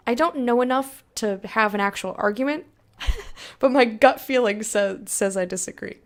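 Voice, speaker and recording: A woman's voice: on the high side, moderate pace. A young woman streaming a game, chatting casually with viewers, laughing often and reading game text aloud. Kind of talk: casual let's-play chat with viewers.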